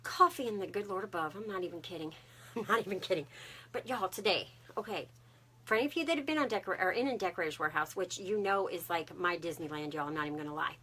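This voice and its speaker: A woman's voice: on the low side, animated, fast, sharp tone, husky. A woman, chatting to viewers on a craft live stream and greeting them by name. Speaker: craft livestream host.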